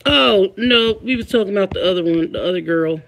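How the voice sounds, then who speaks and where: A woman's voice: mid-range voice, a little fast, gravelly, a bit bright, a little hiss or hum. A woman hosting a casual live stream, chatting with her viewers and reading their comments aloud, laughing often. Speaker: livestream host.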